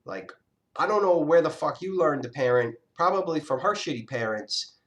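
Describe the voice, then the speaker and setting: A man vlogger launches into an angry, profane monologue about something that happened to him, scattered and constantly restarting sentences. His voice is a little high and a bit bright, with lively intonation at normal speed.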